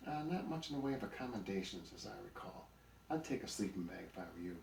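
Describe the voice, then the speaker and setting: A man's voice: fairly low pitch, very animated, fast, creaky, darkish tone, a little hiss or hum. A man voicing an old male buzzard grandpa in a storybook, sly, teasing and full of wisecracks. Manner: wisecracking, chuckling jokes. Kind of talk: storybook character voice. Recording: roomy recording, mic at a distance.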